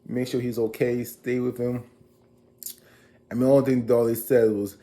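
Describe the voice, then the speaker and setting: A man casually recapping a TV episode as a reviewer, chatty and animated, acting out characters' lines. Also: mid-range voice, moderate pace.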